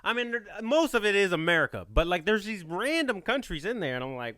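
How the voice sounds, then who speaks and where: Young man, podcast host, casual joking chat, bright voice, lively swings in pitch, dry close sound. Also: a little fast, no room sound. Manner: animated, joking storyteller with slangy talk.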